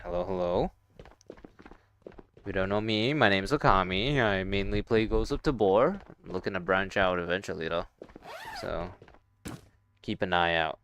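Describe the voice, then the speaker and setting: A man's voice: low-pitched, expressive, moderate pace, pauses often, a bit bright, slight background noise. A young man streaming a VR game, chatting casually with viewers in a rambling, stop-start way with some swearing. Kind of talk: casual gaming stream chat.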